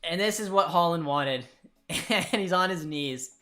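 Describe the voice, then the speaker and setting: A young man hosting a live football watchalong, reacting with excitement and emotion and talking to his viewers. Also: on the high side, unhurried. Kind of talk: live match watchalong commentary.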